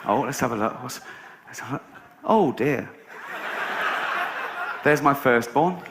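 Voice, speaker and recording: A man's voice: mid-range voice, animated, a little slow, pitched below the performer's own voice. A man voicing a prim, flustered middle-aged mother who mutters to herself in a mock-genteel way. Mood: mock-shocked. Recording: echoey live venue with audience noise.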